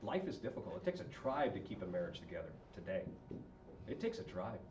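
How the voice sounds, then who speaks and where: A man's voice: fairly low pitch, very animated, brisk, background noise. A man talking informally to a group about marriage, asking the audience questions as he goes. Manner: conversational, asks the audience questions. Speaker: speaker on marriage and relationships. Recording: echoey room, far from mic, dull sound.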